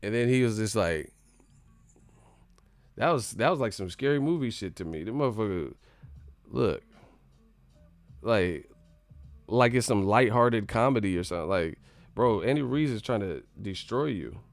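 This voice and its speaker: A young male stream host for boxing, with a gravelly voice and a dry, close sound, rambling and profane. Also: lowish voice, animated, moderate pace, pauses often, no echo, faint music behind. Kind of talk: live-stream commentary.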